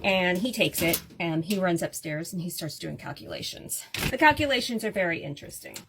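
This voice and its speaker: A woman in her fifties telling a long personal story to the camera in a chatty, animated way. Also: on the low side, fairly quick, background noise. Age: 50s. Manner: animated, chatty storyteller who acts out quoted voices.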